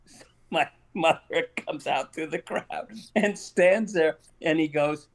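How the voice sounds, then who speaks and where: A man's voice: a little high, a little slow. An older man, a guest actor on an interview show, telling a long anecdote with frequent chuckles and acted-out lines. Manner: animated storyteller, chuckles often, acts out quoted lines.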